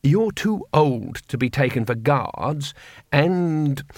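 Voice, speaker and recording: A man's voice: on the high side, lively intonation, takes it slowly, a little mellow, no room sound, studio quality, heavily acted. A man voicing a nervous, pedantic schoolteacher who hesitates and keeps correcting others.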